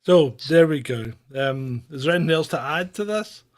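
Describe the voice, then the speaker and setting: Wry male host, animated pitch, slightly high, chuckles between points. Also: moderate pace. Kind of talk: irreverent casual chat.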